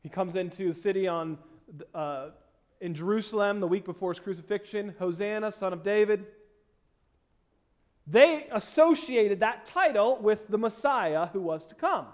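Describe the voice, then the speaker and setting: A man preaching a sermon as pastor, reading scripture aloud with slowed, stressed phrases and swinging between loud emphasis and quiet asides. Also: sits high, lively intonation.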